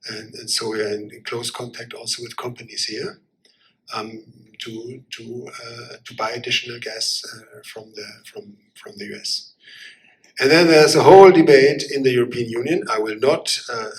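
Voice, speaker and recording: A man fields audience questions as an ambassador. He talks haltingly, with frequent fillers and repeated words. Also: medium pitch, rough recording. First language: German. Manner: halting, many fillers and restarts. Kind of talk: answering audience questions at a panel.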